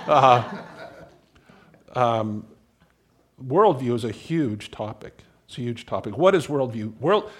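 A man's voice: medium pitch, fairly bright tone. A middle-aged man preaching a conversational sermon as pastor, folksy, with joking asides and little acted-out scenes.

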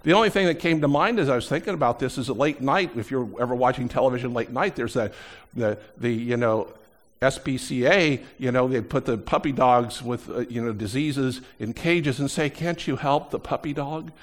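A middle-aged man preaching a sermon as pastor, animated, swinging between loud emphasis and quieter asides. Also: mid-range voice, brisk, few pauses.

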